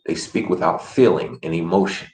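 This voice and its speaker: Low voiced guy teaching a language class, earnest and encouraging, roomy echo. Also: fairly even intonation, normal speed, darkish tone. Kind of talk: online language lesson.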